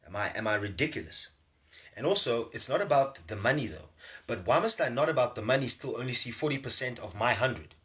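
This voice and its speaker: A man's voice: mid-range voice, expressive, fairly quick, fairly bright tone. Man teaching on a livestream. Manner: loose, emphatic, keeps asking "see?". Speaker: spiritual teacher and livestream host. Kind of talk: casual livestream teaching with chat shout-outs.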